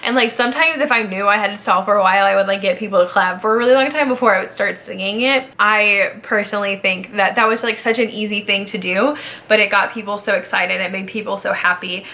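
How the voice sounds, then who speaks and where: A woman's voice: mid-range voice, fairly even intonation, fast, bright, forceful tone. A young woman in her twenties chatting casually and upbeat about her old job as a ride guide, full of "like" fillers. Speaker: vlogger, former theme park ride guide. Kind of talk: casual chat.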